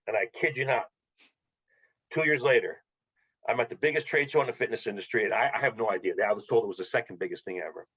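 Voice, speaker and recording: A middle-aged man telling animated stories as an interview guest, acting out the dialogue. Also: fairly low pitch, fast, slightly rough, poor audio. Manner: animated storyteller, acts out dialogue. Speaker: podcast guest, bike fitter. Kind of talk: storytelling interview.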